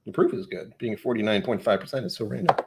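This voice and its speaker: A man's voice: lowish voice, fast, creaky, a little mellow, a little hiss or hum. A man with a New England accent hosting a whiskey live stream, chatting, easily distracted and joking at his own expense. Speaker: whiskey channel host.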